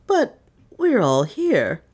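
A woman's voice: mid-range voice, wildly swooping pitch, a little mellow, pitched above the performer's own voice, exaggerated voice. A woman voicing a proud, resolute older lady of the house who speaks decidedly. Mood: anxious. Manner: decided, brisk.

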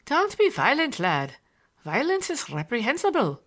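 A woman's voice: a little high, huge pitch swings, normal speed, voice pushed up. A woman voicing a bantering Irish man with rolling, trilled R's, teasing and mock-scolding in an audiobook.

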